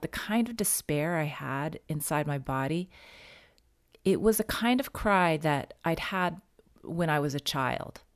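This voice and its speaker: Low-voiced woman telling a personal story. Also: dry recording, clean studio sound. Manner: halting, reflective, frequent restarts. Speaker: podcast guest sharing a personal story.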